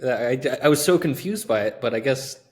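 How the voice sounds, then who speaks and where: A man co-hosts a casual podcast with friends, speaking in a polite, easygoing way. He apologizes when he cuts in. His voice sits at an ordinary pitch. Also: expressive, fairly quick, a little mellow, husky. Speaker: podcast co-host. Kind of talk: casual chat among friends.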